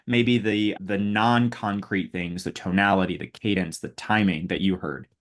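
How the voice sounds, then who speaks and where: A man's voice: deep voice, fairly even intonation, normal speed. A man hosting a podcast interview, asking questions and reflecting at length on the guest's points. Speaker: podcast host.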